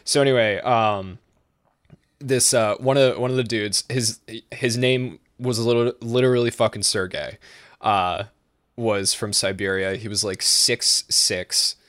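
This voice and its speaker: A man's voice: fairly low pitch, fairly even intonation, measured pace, a bit bright, dry recording, studio quality. A man from the East Coast of the United States hosting a podcast, rambling casually with lots of fillers and swearing. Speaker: podcast host.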